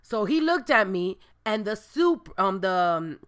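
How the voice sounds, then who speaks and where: Animated woman. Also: mid-range voice, a little slow, clean tone. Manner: animated, expressive, bursts into shrieks and Spanish exclamations. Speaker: storyteller. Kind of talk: comic personal anecdote.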